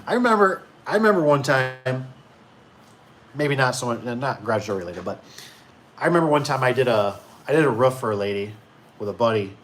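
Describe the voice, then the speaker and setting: A man's voice: medium pitch, expressive, brisk, slight background noise. A young man telling a rambling story from his time in a trades business, interrupting himself often and raising his voice when he quotes people, then reading comments from a live stream. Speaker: garage door business owner and stream host.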